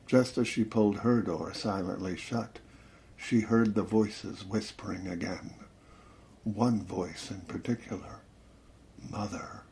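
A man narrating a suspense story in a measured, dramatic reading that slows and drops to a hush at tense moments. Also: on the low side, vocal fry. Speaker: audiobook narrator.

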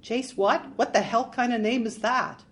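A brash, flirtatious male detective with a cocky, teasing way of talking, as a woman reads him aloud. He sounds like a plain storybook voice rather than a deep put-on. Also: steady tone, moderate pace, natural voice.

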